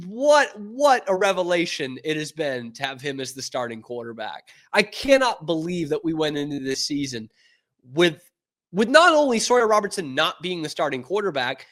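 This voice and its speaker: Animated man chatting about football. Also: on the high side. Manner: animated, chatty, laughs often. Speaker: podcast host. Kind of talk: casual sports commentary.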